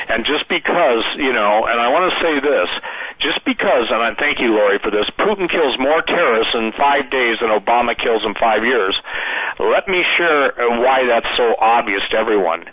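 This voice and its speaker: A man calling in to a radio show, praying and preaching with fervent, emotional conviction. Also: medium pitch. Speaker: radio guest. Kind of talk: radio call-in talk and prayer. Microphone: phone call. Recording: tinny phone line, dry.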